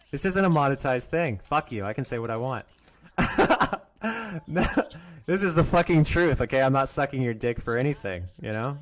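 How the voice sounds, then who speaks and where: Young guy ranting on his livestream, cussing nonstop, mocking people with silly voices. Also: mid-range voice. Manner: angry, profane, mocking, laughs often; mimics others in mocking voices. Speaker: YouTuber live streamer. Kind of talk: profane live-stream rant.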